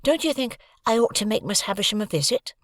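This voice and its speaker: A man's voice: sits high, lively intonation, fast talker, fairly bright tone, dry recording, studio quality, voice pushed up. A man voicing an earnest, eager young male apprentice who pleads his case in a raised, youthful voice. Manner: insistent, pleading.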